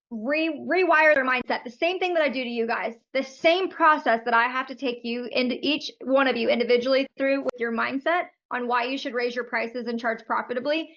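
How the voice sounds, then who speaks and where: A woman's voice: high-pitched, bright, forceful tone, lo-fi sound. A woman coaching photographers on a live video call, talking in a friendly, frank and chatty way.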